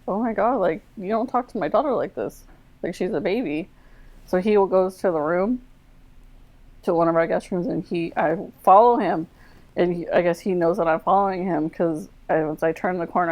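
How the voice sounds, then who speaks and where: A woman's voice: fairly low pitch, creaky, darkish tone, rough recording. A woman, a military veteran, candidly recounting a personal story in an interview, with many "like"s and re-enacted quoted dialogue. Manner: candid, run-on retelling full of "like" and quoted dialogue. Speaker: guest, Air Force medic veteran.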